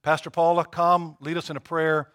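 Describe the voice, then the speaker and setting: Fervent preaching man, fairly high voice. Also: flat delivery, normal speed, a bit bright, clear, resonant tone. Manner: preaching with rising fervor, emphatic repetitions. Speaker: pastor. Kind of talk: sermon.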